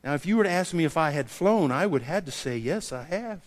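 A man preaching a sermon, telling a personal story and acting out the dialogue with lively variation. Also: on the high side, quick pace. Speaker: pastor. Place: church sanctuary. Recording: long hall reverb.

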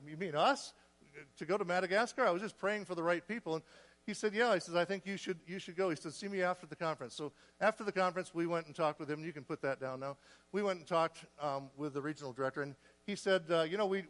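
A man recounts his missionary journey in a folksy way, chuckling and acting out both sides of conversations. His voice sits a bit high. The sound carries the long reverb of a church hall. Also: a bit bright. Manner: folksy, laughing, acts out dialogue. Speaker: missionary speaker. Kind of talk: storytelling missionary talk.

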